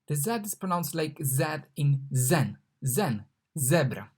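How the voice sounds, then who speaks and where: A language mentor giving a recorded online lesson, patiently repeating each example word slowly. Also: mid-range voice, darkish tone, husky.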